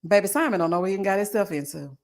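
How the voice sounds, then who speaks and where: A woman in her forties hosting a live stream, chatting casually with her viewers and reading their comments aloud, sassy and animated, laughing often. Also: medium pitch, very fast. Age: 40s. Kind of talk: casual chat.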